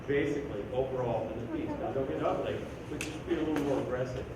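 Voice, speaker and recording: A man leading a school band rehearsal, giving animated, joking instructions and singing rhythms aloud to show phrasing. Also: medium pitch, quick pace. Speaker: band clinician conducting a rehearsal. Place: school band room, indoors. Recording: very echoey room from far off with background noise.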